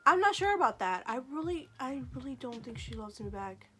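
A woman's voice: sits high, very animated, fairly quick. Sassy, joking woman vlogger. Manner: sassy, joking and self-mocking. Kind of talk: casual chat to camera. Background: faint background music.

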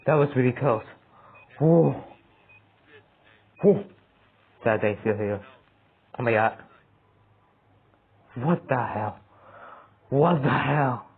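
Husky man's slow, tinny gaming commentary. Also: mid-range voice. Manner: excitable, yelps and laughs at scares, talks to himself. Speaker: gamer playing a horror game. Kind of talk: let's play commentary. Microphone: phone mic. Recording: tinny phone-like sound.

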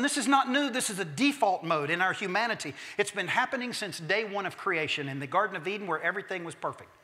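A male pastor preaches in a church sanctuary, telling stories emphatically, slowing down to land key points, and tossing in the occasional humorous aside. His bright, forceful voice sits a little higher than most men's, and a long reverb trails each phrase around the room.

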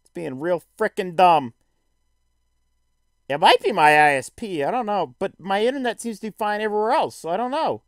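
A man's voice: high voice, animated, normal speed, a bit bright, dry recording, studio quality. A man streaming a video game live, joking and self-deprecating as he chats to viewers. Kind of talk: live let's-play commentary.

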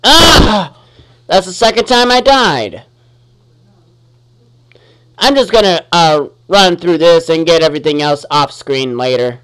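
A man giving let's-play commentary on his gameplay, talking to the enemies on screen and quickly getting annoyed. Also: a little high, animated, fairly bright tone, smooth. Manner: talks to the enemies on screen, easily annoyed, exclaims.

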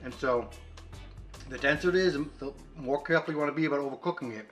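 Soft music plays under a man's quick, fairly bright, high-leaning voice. He's co-hosting a relaxed home cooking segment on camera from his kitchen and grill, wandering through his chatter and restarting frequently.

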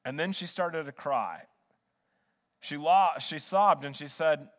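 A man's voice: fairly high pitch, normal speed. A man preaching a sermon as pastor in a church, earnest and conversational, often restarting his sentences. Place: church sanctuary. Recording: long hall reverb in a church.

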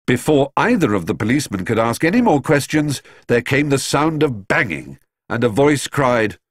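A man narrating a children's storybook in an expressive, measured way. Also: medium pitch, breathy edge, no room sound, clean studio sound. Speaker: audiobook narrator.

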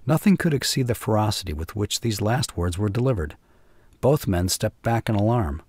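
A man narrating a classic short story in a measured, even way. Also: lowish voice, breathy edge, no echo.

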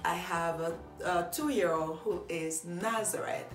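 Woman, 30s, Ivorian French accent, cheerful chatty vlogger in an echoey room with soft music underneath. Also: lowish voice, takes it slowly. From Ivory Coast. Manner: upbeat, chatty, laughing often. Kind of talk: casual get-to-know-me vlog.

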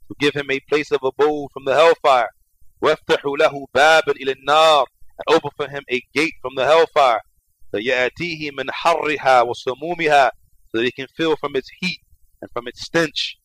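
A man giving an Islamic lecture who reads Arabic passages quickly, then explains them in English, often repeating his phrases. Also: mid-range voice, a bit bright, rough recording. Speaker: religious lecturer.

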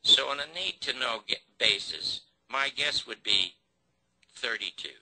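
Raspy, gravelly older man telling a story. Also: mid-range voice, animated, unhurried, pushed and bright, poor audio. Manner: emotional storyteller, acts out quoted dialogue. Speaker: TV host and producer telling his story. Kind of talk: storytelling interview answer.

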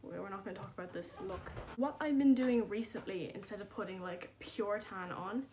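A young woman talks straight into her phone camera at home in a loose, rambling vlog chat. She pokes fun at herself as she goes, and her voice sits in a middling pitch with a mellow, soft tone. A faint hiss runs underneath. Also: normal speed. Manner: chatty, rambling, self-deprecating. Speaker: vlogger.

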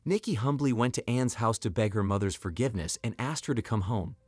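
A man narrating a scripted drama story in an expressive, even-paced reading. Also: medium pitch, a little fast, slightly rough, no room sound.

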